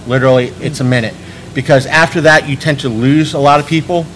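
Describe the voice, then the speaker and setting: A man's voice: medium pitch, fairly even intonation, fast, fairly bright tone, slight background noise, low-quality recording. A man hosting a podcast panel, talking casually and rambling with frequent restarts. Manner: chatty, rambling with many restarts.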